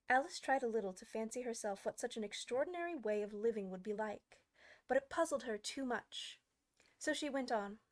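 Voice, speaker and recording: Storybook narrator: a woman with a slightly high voice, clear, even delivery. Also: fairly quick. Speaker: audiobook reader.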